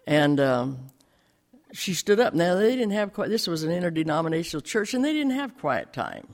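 A man's voice: a little high, wildly swooping pitch, moderate pace. An older man telling a personal testimony to a church congregation, bringing the story to life by acting out the dialogue. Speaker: lay speaker giving a testimony in church.

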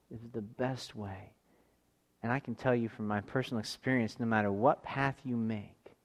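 A man in his thirties preaching a sermon, earnest and personal, rising loud on key words and dropping to a hush. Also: mid-range voice. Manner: earnest, swells louder on emphasis and drops to a hush. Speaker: pastor.

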